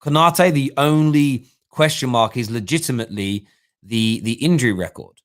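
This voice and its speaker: A man's voice: medium pitch, moderate pace. A man hosting a live-streamed football fan talk show, giving opinionated analysis and thinking aloud with restarts.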